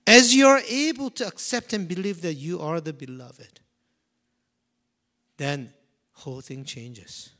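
A man preaching a sermon, swinging from loud emphasis to hushed near-whispers and repeating key phrases slowly. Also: fairly high pitch. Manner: slow, deliberate delivery with repetition.

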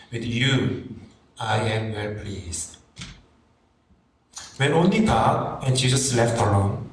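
Male pastor, slow and reflective, preaching, recorded from a distance in an echoey room. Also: mid-range voice, fairly bright tone. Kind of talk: sermon. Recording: roomy, distant mic with faint background noise.

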